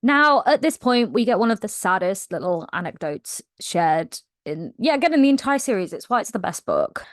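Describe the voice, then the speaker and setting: A woman's voice: medium pitch, moderate pace, few pauses, no room sound, studio quality. Young woman gushing over a book. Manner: animated, gushing storyteller. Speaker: book vlogger. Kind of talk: casual book recap vlog.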